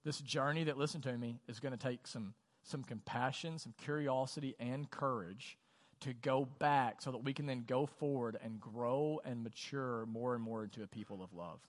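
A pastor with a mid-pitched voice preaches at a moderate pace in a relaxed, conversational way, leaning on "like" and asking the congregation questions. His voice rings through a church auditorium with a long reverb.

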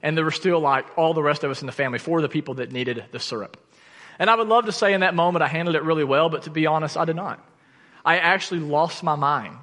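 A man in his thirties preaching a sermon, telling a personal story in an earnest, animated way that falls to quiet intensity. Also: a little high, fast. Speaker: pastor. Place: church sanctuary. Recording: church hall reverb.

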